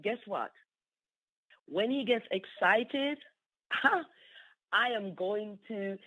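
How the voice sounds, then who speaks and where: An exuberant woman tells her success story on a conference call. She talks in bursts, repeats herself often and laughs easily. The sound is thin and tinny, like a phone line. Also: medium pitch. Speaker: team member sharing a testimonial. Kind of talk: excited phone testimonial.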